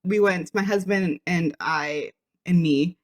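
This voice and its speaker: A woman co-hosting a craft podcast, telling a story in a chatty way with quick asides and frequent laughter. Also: fairly low pitch. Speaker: podcast co-host. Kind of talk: casual chat.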